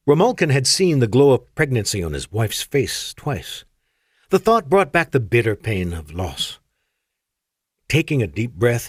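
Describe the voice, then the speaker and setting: A man narrating an audiobook in an expressive storytelling manner. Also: mid-range voice, husky, no echo, clean studio sound. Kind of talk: scripted narration.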